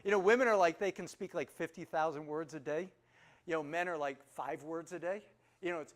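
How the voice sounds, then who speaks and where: A man's voice: on the high side, brisk. Joking man telling family stories. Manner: humorous, asks the audience questions. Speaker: speaker introducing himself to a group. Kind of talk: casual storytelling talk.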